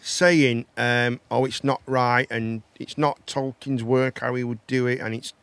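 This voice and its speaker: A man hosting a live online chat show, rambling and animated, often laughing. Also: medium pitch, unhurried, gravelly, clear, resonant tone, dry recording. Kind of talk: casual chat.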